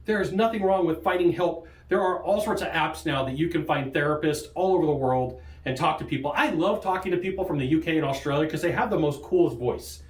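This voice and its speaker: A man hosting a sales training show, coaching in an energetic, joking way and laughing often. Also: a little fast, hardly any pauses. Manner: lively, jokey, laughs often, big pitch jumps. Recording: roomy echo.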